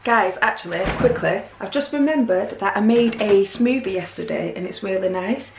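A woman's voice: mid-range voice, moderate pace, creaky, a little hiss or hum. A woman talking casually to her camera at home, rambling and poking fun at herself as she goes. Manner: rambling, chatty, self-deprecating. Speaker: lifestyle vlogger. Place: at home, indoors. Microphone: handheld camera mic.

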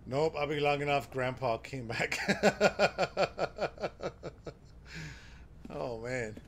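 A man giving live commentary while playing a horror game, excitable and exclaiming and swearing at the scares. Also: fairly high pitch, very slow, slight background noise. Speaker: game streamer.

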